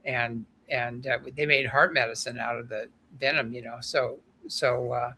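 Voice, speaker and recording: Man guest, chatty storyteller, bright forceful voice, laughs between stories. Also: medium pitch, fairly even intonation, moderate pace, slight background noise. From American desert. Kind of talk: casual conversation.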